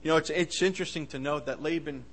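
A man preaching a sermon with passion, swinging between loud bursts and soft asides, often stammering and restarting his words. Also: fairly high pitch, quick pace, rough recording.

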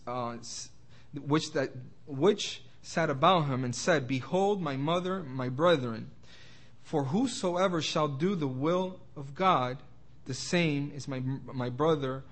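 A young man teaching an informal Bible study sermon, stumbling over words and restarting often, slowing down to stress quoted scripture. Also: mid-range voice. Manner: halting, many restarts and repeated words.

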